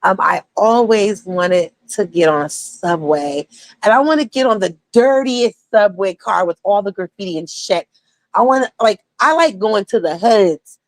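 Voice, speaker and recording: A woman's voice: mid-range voice, measured pace, no room sound. Blunt, profane young woman streaming. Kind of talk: casual livestream talk.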